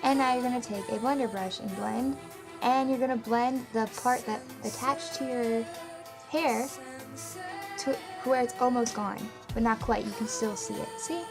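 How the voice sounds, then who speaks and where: A woman's voice: a little high, steady tone, moderate pace. A young woman casually narrating a makeup tutorial, rambling a bit with ums and self-corrections. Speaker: makeup vlogger. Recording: music playing underneath.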